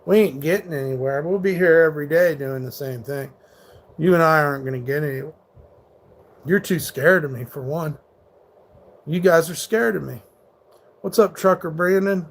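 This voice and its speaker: Combative, profane male livestreamer, higher voice. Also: normal speed, long pauses. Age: 30s. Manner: combative, profane, rants back at hecklers. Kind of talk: live stream, answering chat.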